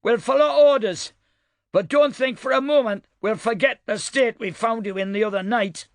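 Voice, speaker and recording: Guy doing a squeaky old lady rider, raspy, blunt, twangy, storybook. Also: moderate pace, no room sound, clean studio sound, lightly acted. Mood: defiant. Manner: frontier twang, gruff and defiant. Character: wizened ninety-year-old woman cavalry rider, blunt.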